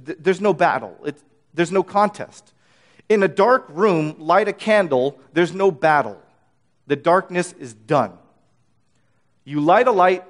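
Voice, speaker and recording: A man teaching through a Bible passage, earnest and repeating key phrases for emphasis, often restarting his words. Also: a little high. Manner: frequent restarts and stammered words.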